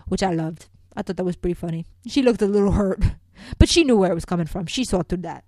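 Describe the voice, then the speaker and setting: A woman's voice: on the low side, fast, no echo. Chatty, opinionated woman recapping a soap. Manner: chatty, opinionated, keeps calling listeners "people"; swings between loud emphatic bursts and quiet asides. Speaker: podcast host recapping a soap opera. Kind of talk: casual solo recap show.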